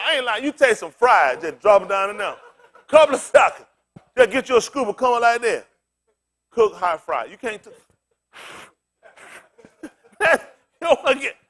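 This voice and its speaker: High animated male preacher with AAVE. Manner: loud, animated street preaching, laughing asides. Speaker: pastor. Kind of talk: loose preaching to a congregation.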